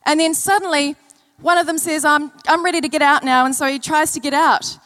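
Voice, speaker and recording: A woman's voice: high-pitched, fairly even intonation, brisk, a bit bright. A woman preacher delivering an earnest sermon to a church congregation, telling stories and repeating key phrases. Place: church service.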